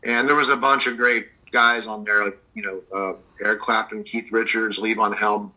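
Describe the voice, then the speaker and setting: Man from the States, bright and forceful timbre, rambling relaxed storyteller, video-call interview guest. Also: lowish voice, normal speed, low-quality recording. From United States. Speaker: blues guitarist guest.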